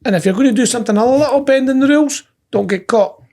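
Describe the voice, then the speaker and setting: A man with a high, somewhat husky voice chats casually on a business podcast. He tells stories with energy and slips into acted-out quotes as he goes. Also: fast. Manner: animated storyteller who acts out quotes. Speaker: podcast co-host. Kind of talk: casual chat.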